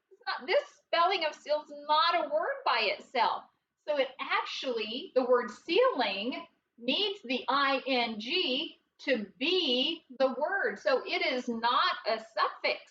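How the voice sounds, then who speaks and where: A woman gives a slow, patient phonics lesson to first graders, her voice high and bright. She quizzes the class in a sing-song way and answers her own questions. The sound is dull and echoey, picked up from a distance with faint hiss beneath. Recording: dull roomy sound from away from the mic with faint noise.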